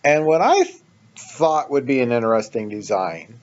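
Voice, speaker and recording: A man's voice: medium pitch, very animated, normal speed, lo-fi sound, a little hiss or hum. A man hosting a casual let's play, explaining his building ideas as he thinks aloud, with frequent ums. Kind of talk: casual gameplay commentary.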